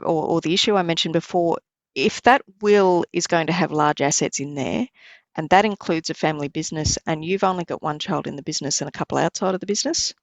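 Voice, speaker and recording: A middle-aged woman lawyer explains matters in a measured, advice-giving way, her voice carrying a gravelly fry. The sound is close and dry, with no room around it. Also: lowish voice, dry recording. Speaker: lawyer guest. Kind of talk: podcast interview.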